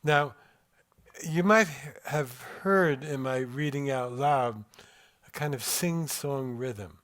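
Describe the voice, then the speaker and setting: An older man giving a lecture to a live audience in a room, reflective and measured, pausing to weigh his words and reading passages aloud. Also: mid-range voice, a bit bright. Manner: measured, reflective, pausing over word rhythm.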